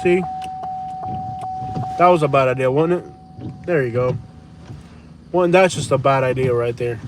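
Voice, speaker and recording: A man's voice: mid-range voice, measured pace, long pauses. A man hosting a casual live stream, reading viewer comments and joking from inside a running truck. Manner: jokey, laughs often, repeats phrases playfully. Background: engine hum, wind and rain.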